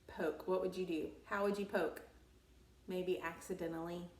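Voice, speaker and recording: A woman's voice: lowish voice, steady tone, normal speed, a little mellow. A woman teacher, patiently walking young children through a grammar lesson, asking questions and answering them herself. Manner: patient, encouraging, asks and answers her own questions. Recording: roomy sound, slightly far from mic.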